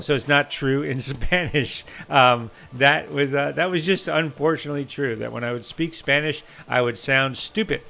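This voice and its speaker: A man's voice: mid-range voice, moderate pace, gravelly, sharp tone. An American man streaming a game, chatting with viewers in a rambling way with many fillers. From United States. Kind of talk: live-stream gameplay commentary.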